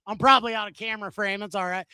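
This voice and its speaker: A man's voice: high voice, steady tone, very fast, bright, forceful tone, clear, resonant tone, no room sound. A man in his thirties doing a stand-up comedy set on a venue stage into a handheld mic, with crude, self-mocking, punchy delivery.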